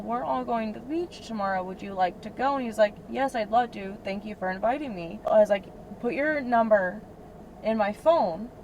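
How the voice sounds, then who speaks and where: A woman's voice: medium pitch, a little mellow, highs cut off. Heated, profane young woman venting in a car. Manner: heated, profane, filler-heavy talk. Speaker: rideshare passenger. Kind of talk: casual venting chat. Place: inside a moving car. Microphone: in-car cabin camera. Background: faint vehicle road noise.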